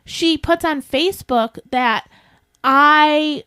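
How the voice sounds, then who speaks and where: A woman co-hosting a podcast, animated and laughing often as she tells a story, speaking close to the mic. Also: sits high, slow, dry recording. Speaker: podcast co-host and horse trainer. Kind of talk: casual storytelling chat.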